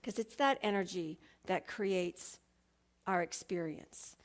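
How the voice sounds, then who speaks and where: A woman's voice: on the low side, slow. Earnest woman giving a sermon. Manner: earnest, reads a story aloud. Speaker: minister. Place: church sanctuary.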